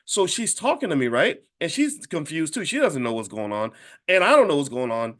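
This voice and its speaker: A man in his fifties telling a story casually to an audience, animated and speaking directly to his listeners. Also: fairly high pitch, fairly quick. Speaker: speaker and wealth educator.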